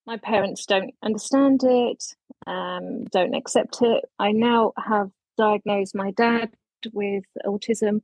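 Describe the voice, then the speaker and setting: A woman's voice: mid-range voice, fairly even intonation, slow pace, darkish tone, no echo, poor audio. A woman in her fifties from England introducing herself on a podcast in a bubbly, self-deprecating way. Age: 50s. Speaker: community member.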